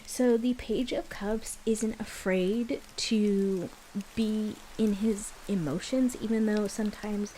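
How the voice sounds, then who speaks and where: A woman's voice: mid-range voice, steady tone, takes it slowly, warm tone, slight background noise, rough recording. A young woman giving a casual tarot reading, explaining the cards in a chatty way. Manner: chatty, explaining as she goes. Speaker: tarot reader.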